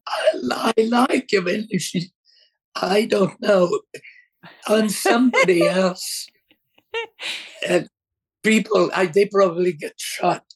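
An older man being interviewed, talking haltingly and with feeling about his work partner. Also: high voice, breathy edge. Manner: hesitant, halting, emotional. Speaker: fashion designer, guest. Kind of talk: casual interview chat.

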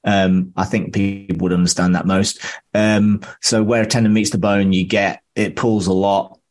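A man in his forties on a podcast, animated and restarting his thoughts as he chats and explains sports science. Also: fairly low pitch, moderate pace. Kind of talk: casual chat and explanation.

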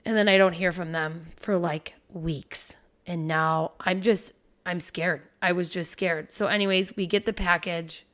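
A woman, a parent in her thirties, telling a story on a podcast in an animated, swearing, casual way. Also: on the low side, unhurried. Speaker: podcast host.

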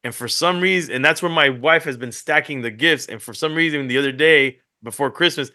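Bright-voiced man telling family stories. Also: fairly high pitch, fairly quick. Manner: animated storytelling, acts out family quotes. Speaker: podcast co-host. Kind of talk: casual chat.

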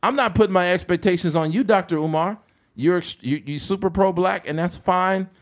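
A man from California hosting a podcast, telling stories in a profane, animated way. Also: high-pitched, brisk. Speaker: podcast host. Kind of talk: casual podcast chat.

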